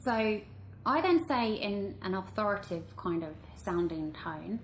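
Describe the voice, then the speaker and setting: A woman's voice: medium pitch, measured pace. A woman hosting a paranormal vlog, narrating her investigation recordings in an earnest, suspense-building way. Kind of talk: voice-over narration reviewing recordings. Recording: roomy with steady background hum.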